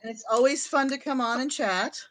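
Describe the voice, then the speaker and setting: A woman's voice: high-pitched, fairly quick, fairly bright tone. A woman chatting casually as a guest on a live voice chat, giggly and chatty. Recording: noisy line.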